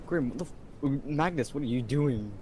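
A man's voice: mid-range voice, dark tone. A young man playing a game with friends, teasing and joking in casual chat, often restarting his words. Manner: playful, teasing, stammering restarts. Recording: faint background noise.

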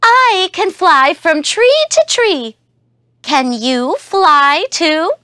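A woman's voice: very high-pitched, animated, drawn-out words, bright, forceful tone, no room sound, studio quality, pitched above the performer's own voice, full character voice. A woman voicing a cheerful, boastful parrot in a children's storybook recording.

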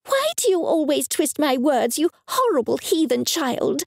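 A woman narrator voicing a shrill, indignant churchgoing mother scolding her grown daughter. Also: big pitch swings, measured pace, creaky, darkish tone, dry recording, studio quality, full character voice.

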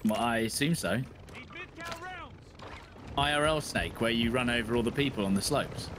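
A man's voice: medium pitch, normal speed, background noise. A man joking around while playing a video game with friends, in casual gaming banter. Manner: joking, playful, animated. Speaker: gamer co-player.

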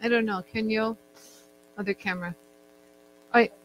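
A woman teaches jewelry making in a casual demo, chatting, joking with her crew as she works, and laughing often. Her voice is fairly high with a steady tone at normal speed, and a faint mains hum can be heard.

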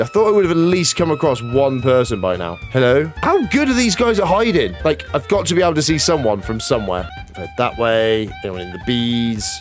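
A man giving casual gameplay commentary, chatty, self-mocking and easily exasperated. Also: mid-range voice. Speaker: gaming YouTuber. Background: faint background music.

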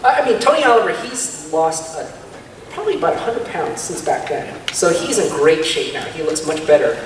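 Panel moderator, casual and encouraging, far from the mic in a long-reverb hall. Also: male voice, a little high, expressive, a little fast. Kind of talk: convention panel talk. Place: large convention hall. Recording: echoey hall from far off, some noise.

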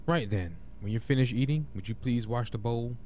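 A man's voice: mid-range voice, a little fast, darkish tone, a little hiss or hum, natural voice. A man reading a polite cheerful male helper. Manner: courteous, calls others sir.

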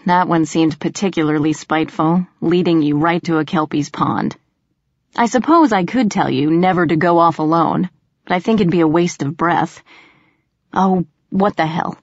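A woman's voice: lowish voice, dry recording. A woman voicing a teasing young male fairy trickster with wry, sarcastic banter, in a dull, slightly muffled recording.

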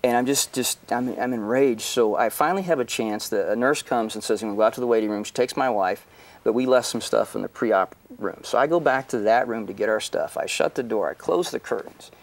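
A middle-aged man of ordinary pitch tells a painful family story as a pastor. He is earnest and halting, often restarting his sentences. He sits a bit back from the microphone. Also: recorded from a distance. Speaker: pastor, guest author. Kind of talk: emotional personal testimony.

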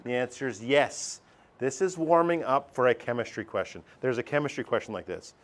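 A middle-aged man teaching a math class, lively and joking, acting out his students' voices. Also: medium pitch, fairly quick. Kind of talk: classroom lecture.

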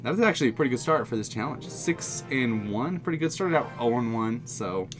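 Excitable man commentating a mobile game. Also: mid-range voice, fairly quick, music in the background. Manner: excitable, jokey, talks to viewers as "people". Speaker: gaming channel host. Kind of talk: live gameplay commentary.

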